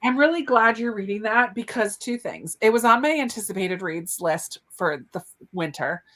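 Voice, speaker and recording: Woman, book-chat co-host, casual, dry jokes, easy middle pitch. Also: moderate pace. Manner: relaxed, joking, sarcastic asides.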